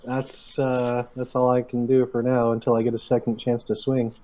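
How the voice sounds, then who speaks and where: A man playing a tabletop game, describing his character's charge loudly and emphatically. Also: medium pitch, completely flat delivery, moderate pace, highs cut off. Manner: loud, emphatic. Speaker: player.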